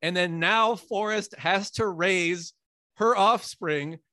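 Rambling man, slightly high voice. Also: slow pace, pushed and bright, no room sound, clean studio sound. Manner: rambling, hesitant fillers and restarts. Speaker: podcast co-host. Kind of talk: casual chat.

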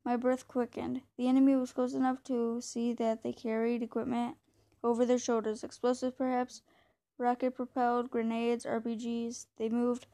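Woman reading aloud in a flat voice. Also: on the high side, low-quality recording. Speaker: book reader. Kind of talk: reading a war novel aloud.

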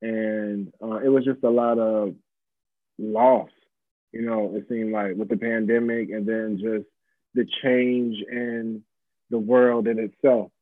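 A man in his twenties, around twenty-five, with a lowish voice takes his time speaking. He's a pop-up shop organizer guesting in a casual interview, relaxed and reflective with plenty of fillers, heard over a tinny phone line without echo.

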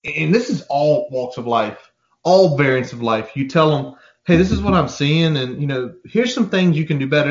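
A man co-hosting a casual sports podcast, talking in an animated, profane way and acting out quoted voices. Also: fairly high pitch, moderate pace, muffled recording. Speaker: podcast co-host.

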